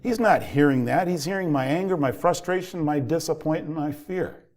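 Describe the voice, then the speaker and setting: A man's voice: a little high, moderate pace, darkish tone. A man in his fifties who coaches parents, telling a personal story in an earnest, reflective way that builds to heated emphasis. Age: 50s.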